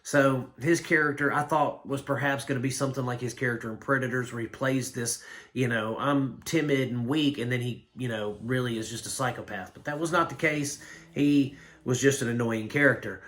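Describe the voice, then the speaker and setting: A man giving a casual spoken film review, blunt and rambling, with animated complaints. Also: mid-range voice, brisk. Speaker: movie reviewer.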